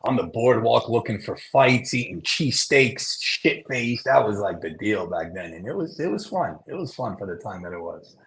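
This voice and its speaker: A man's voice: fairly low pitch, expressive, normal speed, gravelly, few pauses, a bit bright. A man with a New Jersey accent, a podcast guest talking bluntly and with heavy swearing in casual chat. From North Jersey. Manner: blunt and profane, heated.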